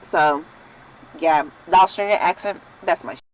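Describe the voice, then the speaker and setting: A young adult woman talking casually to her viewers in a vlog, rambling, loose and excitable, with some swearing. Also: lowish voice, normal speed, poor audio. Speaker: vlogger.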